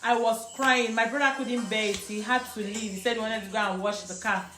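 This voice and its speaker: Animated Nigerian woman telling a story. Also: on the high side, brisk, a little hiss or hum. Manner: animated, laughing, mixes in pidgin. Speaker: vlogger. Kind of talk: casual storytelling. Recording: echoey room with music behind.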